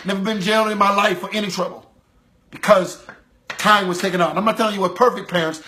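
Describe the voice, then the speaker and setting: A man preaching a sermon, impassioned, rhythmic and repetitive, swinging between loud calls and low intense passages. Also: a little hiss or hum.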